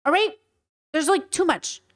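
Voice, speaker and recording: A woman hosting a casual livestream, talking to her chat in a blunt, animated way and swearing freely. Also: very high-pitched, a little slow. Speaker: streamer host.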